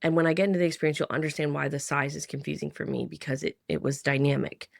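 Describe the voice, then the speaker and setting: Gravelly-voiced woman telling a story. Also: low voice, steady tone, fast, no room sound, clean studio sound. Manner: chatty, full of "like", restarts and sighs. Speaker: vlogger. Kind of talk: personal storytelling to camera.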